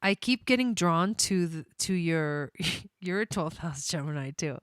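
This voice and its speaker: A woman's voice: on the low side, expressive, unhurried, no echo, studio quality. A young woman chatting casually on a live stream, bubbly and prone to tangents, laughing often while giving astrology readings.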